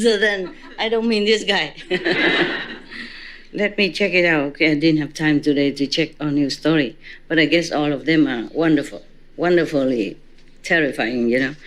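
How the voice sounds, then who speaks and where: A woman's voice: low voice, measured pace. A woman spiritual teacher giving an informal dharma talk to a gathering, chatty and teasing, laughing often.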